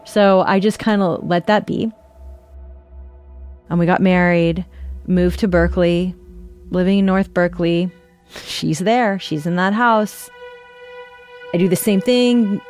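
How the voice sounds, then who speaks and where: A woman's voice: mid-range voice, measured pace, long pauses, darkish tone, soft background music. A woman telling her own story in a casual, conversational way, with frequent fillers. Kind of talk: personal storytelling.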